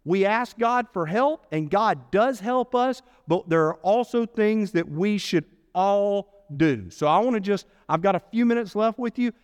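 A man preaching a sermon as pastor, telling a Bible story with playful asides and lively delivery. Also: high-pitched, measured pace, few pauses, clean tone. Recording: long hall reverb.

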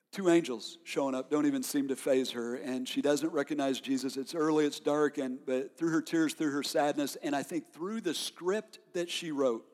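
A man preaches in a somewhat high voice that rings out with a long reverb through a church hall. He is emphatic, rising to loud declarations and dropping to quiet reflection. He keeps asking his listeners questions. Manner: asks the listeners rhetorical questions. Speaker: pastor. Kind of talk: sermon.

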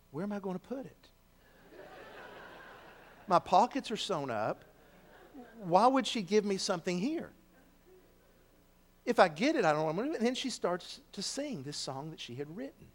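A male pastor preaching a sermon in a high-pitched voice. He tells stories conversationally, then builds to emphatic declarations. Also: long reverb tail.

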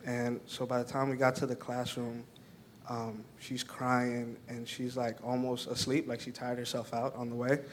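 Young man sharing a church testimony, hesitant, lots of fillers, even pitch. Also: slight background noise. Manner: halting, full of "um" and "like". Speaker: church member giving a testimony. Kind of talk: personal testimony to a church group.

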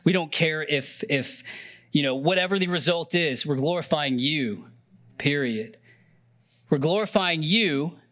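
Speaking a little slowly in a slightly high, somewhat bright voice, a young pastor delivers an earnest, conversational sermon. He frequently turns emotional and nearly cries, and his speech is full of fillers and restarts.

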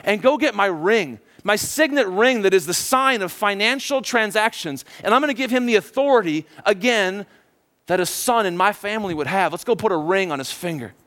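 A man's voice: very high voice, expressive, unhurried, few pauses, smooth, big-room sound, pitched above the performer's own voice. A man voicing a wealthy father who gives eager orders to his servants and pleads with his older son.

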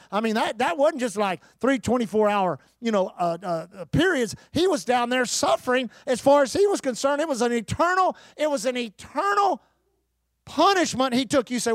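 High-pitched emphatic male preacher. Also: big pitch swings, dry recording, studio quality. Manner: emphatic preaching with rhetorical questions and repetition; pauses with fillers, occasional shouted bursts. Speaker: pastor. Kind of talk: sermon.

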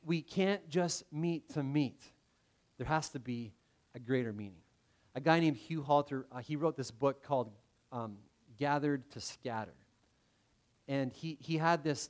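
Conversational pastor, slightly high voice. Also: male voice. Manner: conversational preaching, acts out quoted voices, many restarts. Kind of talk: sermon.

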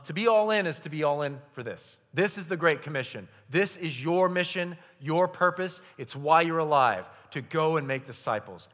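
Young male pastor, bright, forceful sermon voice, long hall reverb. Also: fairly high pitch. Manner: passionate, swings from hushed to loud. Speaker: youth pastor. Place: church service hall. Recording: echoey hall.

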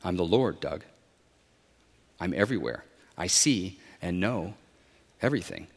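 Pastor putting on a quiet, slow, unbothered God voice, dry and deadpan. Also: male voice, low-pitched, slightly rough, big-room sound, pitched below the performer's own voice, heavily acted. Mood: calm. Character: calm, dry-humored male God voice. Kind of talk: acted joke in a sermon.

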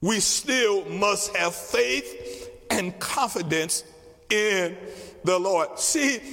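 A man's voice: high-pitched, gravelly, bright, forceful tone. Male pastor, sermon delivery, emphatic repetition, long church-hall reverb. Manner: emphatic, repeats key phrases slowly.

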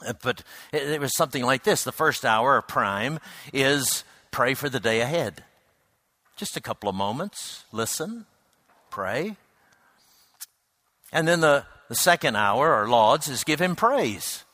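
Bright-voiced man preaching a sermon. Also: medium pitch, animated, dry recording, studio quality. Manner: reflective, unhurried, with hesitant restarts.

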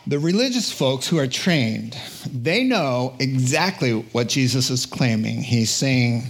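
A pastor preaching a sermon in an animated, emphatic, conversational way in a church. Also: male voice, mid-range voice, a little slow.

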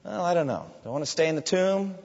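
A preacher doing a slightly raised, hesitant voice of a dead man dawdling in his tomb, lively and musing, echoing through a long reverberant hall on a dull recording. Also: high voice, fast, creaky, voice pushed up, heavily acted. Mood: dithering.

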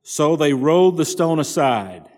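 A man's voice: a little high, lively intonation, a little slow, a little mellow, big-room sound. A man preaching a sermon as pastor, emphatic and driving his points home through repetition, in a church sanctuary. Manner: emphatic preaching with repeated phrases.

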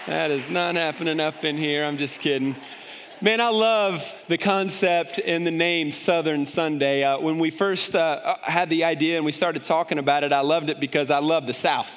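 Pastor, male, high voice, joking folksy preacher, big hall reverb. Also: moderate pace, a bit bright, a little hiss or hum. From moved to Tennessee. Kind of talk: sermon. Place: church sanctuary.

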